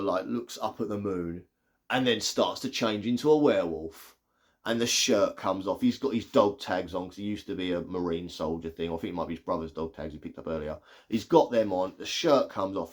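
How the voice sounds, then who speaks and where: A man giving a casual, excitable spoiler review of a movie, retelling scenes with lots of "like". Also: deep voice. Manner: chatty, excitable retelling full of "like".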